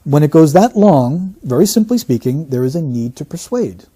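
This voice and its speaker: Husky, mellow-voiced male analyst. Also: a little high, big pitch swings. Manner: deliberate, teacherly. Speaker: statement analyst. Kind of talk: explanatory commentary.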